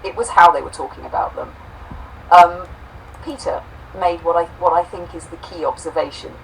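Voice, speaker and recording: A woman co-host reading a homespun robot story aloud, saying the quote marks out loud, then reflecting warmly on it. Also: on the low side, steady tone, moderate pace, distant mic, slight background noise, low-quality recording. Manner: warm, affectionate, reads quote marks aloud.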